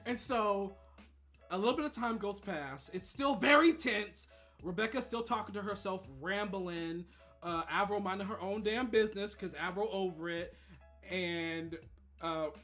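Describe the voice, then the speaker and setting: A man streaming, telling a gossipy story in a casual, animated way and acting out other people's voices. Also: high voice, moderate pace, faint music behind.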